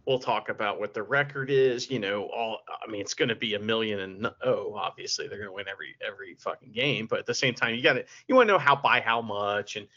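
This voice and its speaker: A man co-hosting a podcast in casual chat, hyping things up in a deadpan, mock-serious way. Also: fairly low pitch, quick pace, hardly any pauses. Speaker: podcast co-host. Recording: dull lo-fi audio.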